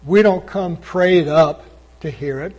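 A man preaching as pastor, building to loud emphatic peaks. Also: a little high, slow pace, poor audio. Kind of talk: sermon.

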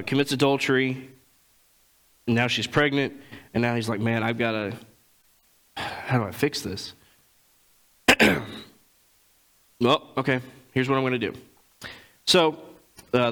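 A man preaching a sermon, reading scripture and retelling it in casual everyday speech, clearing his throat often. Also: mid-range voice, fairly bright tone, low-quality recording.

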